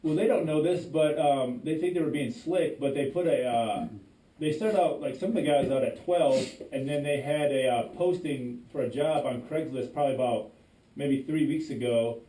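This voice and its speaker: A podcast co-host in casual chat tells a story animatedly, often restarting and quoting himself. His voice is on the high side at normal speed. The mic is distant, so the sound is roomy and echoey.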